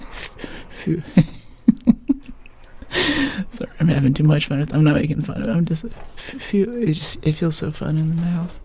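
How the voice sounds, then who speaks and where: Low-voiced soft-spoken woman streamer. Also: animated, a little slow, vocal fry, long pauses, slight background noise. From United States. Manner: rambling, playful, often dropping to a whisper. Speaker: game streamer. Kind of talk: soft-spoken ASMR game stream chat.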